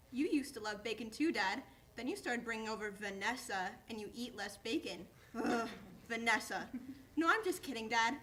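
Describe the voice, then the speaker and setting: A woman's voice: a little high, a bit bright. A woman playing an eager, chatty young male pet dog in a staged play reading, who keeps calling his owner "Dad.".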